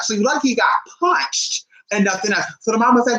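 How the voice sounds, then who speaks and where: Young adult woman, casual storyteller, profane and animated, bright tone, roomy echo. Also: fairly high pitch, brisk, few pauses, muffled recording. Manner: animated, profane, acts out quotes in shifting voices. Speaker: vlogger. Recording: echoey room.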